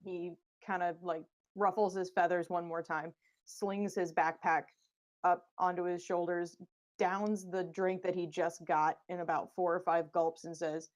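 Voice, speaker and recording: Lower-voiced woman describing her character. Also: level tone, a little slow. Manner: casual, describes character actions. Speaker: player. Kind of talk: tabletop game play.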